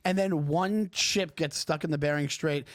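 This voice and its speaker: A man with a high voice co-hosts a casual podcast. He jumps in with quick, animated remarks. The sound is dry and close. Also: no echo. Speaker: podcast co-host.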